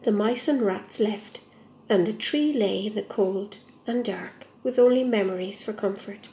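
A woman reading a fairy tale aloud in a gentle, measured storybook manner. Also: medium pitch, echoey room, a little hiss or hum.

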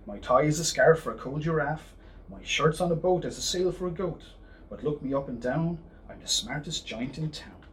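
A man voicing a kind, generous male giant in a storybook, with high bright calls and sing-song rhymes. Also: huge pitch swings, quick pace, few pauses, slight background noise, low-quality recording.

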